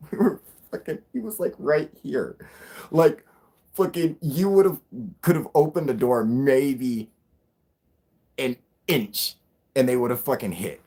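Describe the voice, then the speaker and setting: A man's voice: medium pitch, a little mellow, breathy edge. A young man hosting a casual livestream, rambling and swearing, with frequent laughs. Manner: rambling, profane, laughing often. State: high. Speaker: livestream host.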